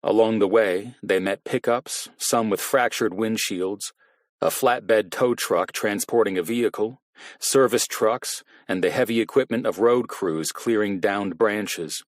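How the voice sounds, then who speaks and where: A man narrating a thriller audiobook in a measured, even reading. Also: on the low side, dry recording, clean studio sound. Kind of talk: scripted narration.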